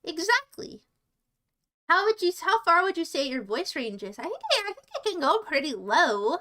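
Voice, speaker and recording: A woman's voice: very high voice, sing-song, moderate pace, bright, forceful tone. A woman streamer chatting casually on a livestream, rambling playfully and often restarting her sentences.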